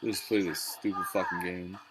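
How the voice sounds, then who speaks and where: Deep-voiced, exasperated ranting man. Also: little pitch movement, normal speed, low-quality recording. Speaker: gaming streamer. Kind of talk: casual live-stream commentary.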